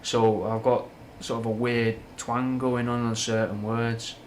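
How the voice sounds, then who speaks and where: In a mid-range, level voice at a measured pace, a young Manchester man answers chat questions on a relaxed stream. His Mancunian accent has a slight Scouse twang, his rambling talk is frank with slang and swearing, and slight background noise is audible.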